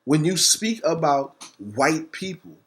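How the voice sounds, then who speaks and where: A man hosting a talk segment, delivering a fiery, preacher-like monologue. He spells words out letter by letter and swings between rapid bursts and slow, stressed words. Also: fairly high pitch, big pitch swings, a bit bright. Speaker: host. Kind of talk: impassioned monologue.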